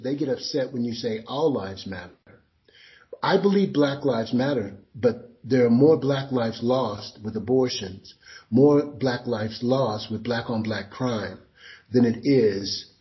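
Emphatic storytelling man, dull recording. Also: mid-range voice. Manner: emphatic storyteller, acts out scenes. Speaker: interview guest. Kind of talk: conversational interview.

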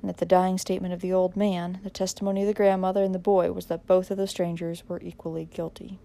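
A woman narrating a dramatic audiobook in a measured way, pressing harder in tense moments. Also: on the low side, little pitch movement, vocal fry, warm tone.

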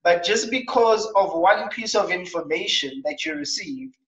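A South African man hosting a coaching talk show, telling stories in a lively way with acted asides. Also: sits high, normal speed, echoey room, far from the mic, low-quality recording. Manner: animated storytelling with acted asides.

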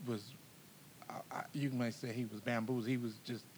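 Man, guest, sure-voiced and preacher-like in his faith testimony, slight rumble in the background. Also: little pitch movement, normal speed, a little mellow. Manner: firm, preaching-like conviction.

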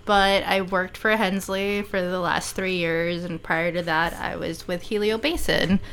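A young adult woman from Texas, a podcast guest from the beer trade, chatting casually and candidly, quick to laugh. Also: on the low side, steady tone, fairly bright tone. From El Paso, Texas. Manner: laid-back, candid, laughs easily. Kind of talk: casual chat.

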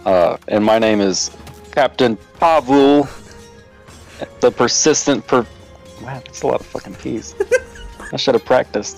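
A man's voice: mid-range voice, a little slow, vocal fry, long pauses, darkish tone, soft background music. A man playing a tabletop game, describing his character in rambling, self-mocking chat. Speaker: player. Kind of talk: casual gaming chat.

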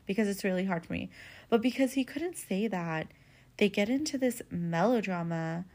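A woman's voice: mid-range voice, lively intonation, normal speed, a little mellow. A woman hosting a podcast, giving relationship advice in a candid, casual monologue that is full of swearing and "like" fillers. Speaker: podcast host.

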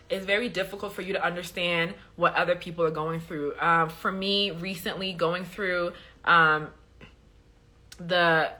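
A woman's voice: lowish voice, sharp tone. A woman hosting a faith livestream, teaching casually with lots of fillers and a repeated "okay?" as she answers viewer questions. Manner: chatty, many fillers, preachy emphasis with repeated "okay?".

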